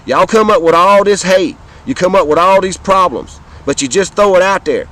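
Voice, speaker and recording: This high-pitched, fairly bright male voice carries a Southern American accent and rushes along briskly with hardly any pauses. The man, from the Southern United States, delivers a fiery, profane political rant to camera, speaking directly to viewers and repeating points for emphasis. The recording is low quality.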